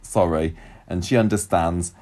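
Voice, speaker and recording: Chatty low-voiced man. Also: steady tone, measured pace, darkish tone. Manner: chatty, recaps scenes with quoted lines and frequent restarts. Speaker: podcast co-host recapping a soap. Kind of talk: casual chat.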